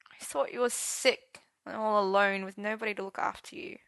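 A woman's voice: medium pitch, fairly even intonation, normal speed, gravelly, fairly bright tone, dry recording. A woman doing a weeping heartbroken young man. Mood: bitter. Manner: tearful, half-whispered. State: crying.

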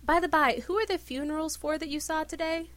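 A woman's voice: high voice, fairly even intonation, a little fast, a bit bright, no echo, pitched above the performer's own voice. A woman doing a chatty gossiping knight. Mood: cheerful.

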